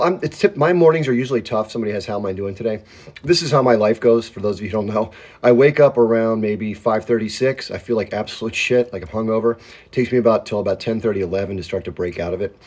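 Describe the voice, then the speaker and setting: Greeting viewers by name as their comments pop up, a livestream host rambles from home while chewing, captured on a phone. He says he's a hyped-up talker; his lowish voice is fast, darkish in tone, and slightly rough.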